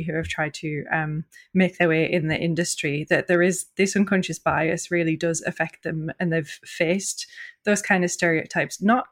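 A woman, a writer speaking earnestly and with animation in a podcast discussion. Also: lowish voice. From County Durham, England. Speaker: journalist and writer, guest.

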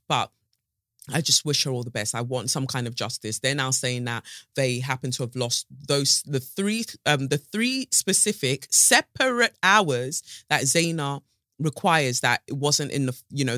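A woman hosting a solo podcast, chatting frankly and animatedly, swearing freely and swooping up in pitch. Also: a bit bright, dry recording, clean studio sound. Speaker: podcast host.

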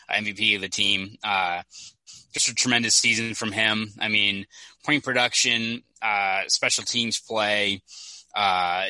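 A man's voice: on the low side, bright, forceful tone, no room sound, rough recording. A man co-hosting a sports podcast, easygoing and joking as he gives his take. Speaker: podcast co-host and reporter. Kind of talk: casual sports chat.

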